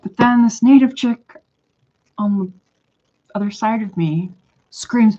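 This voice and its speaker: A woman's voice: a little high, slow pace, pauses often, dark tone. A woman telling a story in a casual monologue that rambles, hesitates and trails off. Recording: dull lo-fi recording.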